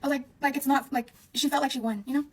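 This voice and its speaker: A young woman talks straight to her viewers in a fast, breathless rush. Her voice sits a little high, and her story keeps circling back on itself through constant "like"s and casual swearing. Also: fairly even intonation. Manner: rambling, heavy use of "like", frequent swearing. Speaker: vlogger.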